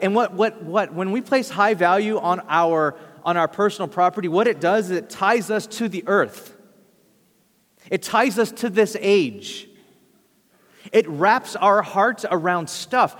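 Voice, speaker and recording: A man's voice: sits high, long reverb tail. A man preaching a sermon as pastor, conversational and storytelling, acting out quotes.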